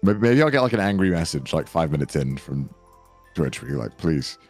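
A British man with a low voice that still swings wildly up and down as he laughs and jokes. He talks in quick, self-deprecating asides while gaming on a stream, with faint music in the background. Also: big pitch swings, darkish tone. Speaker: streamer guest. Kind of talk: casual gaming stream chat.

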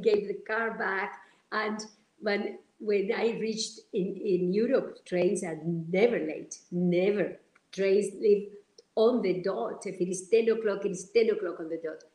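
A woman from Argentina, telling stories as an interview guest in an animated, halting way with many fillers. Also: mid-range voice, roomy sound, poor audio. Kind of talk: storytelling in an interview.

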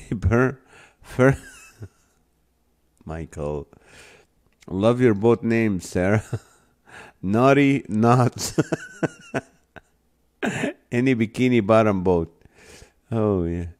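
A man with a medium-pitched, slightly mellow voice runs a live stream, reading out viewer comments in a slow, drawn-out way. He laughs frequently, at times until he cries.

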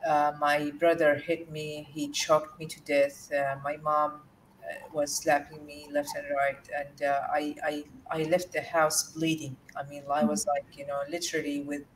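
A woman from Jordan, a guest in an interview, telling a personal story in an earnest, halting way with many fillers and restarts. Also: low voice, level tone, slight background noise. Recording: distant mic with faint room ambience.

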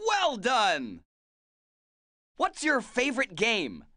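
A friendly, patient cartoon bus driver. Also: female voice, fairly high pitch, wildly swooping pitch, takes it slowly, fairly bright tone, a little hiss or hum, exaggerated voice. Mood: encouraging. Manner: coaxing, asks questions and praises. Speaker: game guide prompting the player. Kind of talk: children's game prompts.

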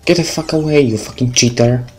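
Faint game music sits behind a medium-pitched man with a Polish accent talking a little fast. He's a gaming creator venting frustration over gameplay, swearing a lot and bursting out in sarcastic anger.

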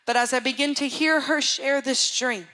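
High, bright-voiced woman preaching. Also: moderate pace. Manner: fervent preacher, urging listeners with asides. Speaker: worship leader preaching. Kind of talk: sermon retelling a dream.

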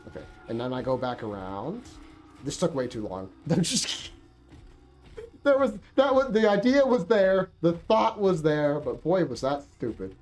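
A woman streamer gives running commentary on her game, swearing and thinking aloud as she plays. Her voice sits low but swings widely in pitch. She sounds animated throughout. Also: normal speed, faint music behind. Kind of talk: gaming livestream commentary.

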